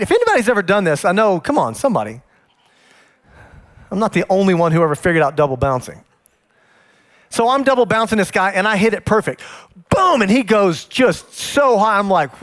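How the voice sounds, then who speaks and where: A man who is a pastor, telling personal stories in a sermon and acting out the scenes with animated energy. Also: sits high.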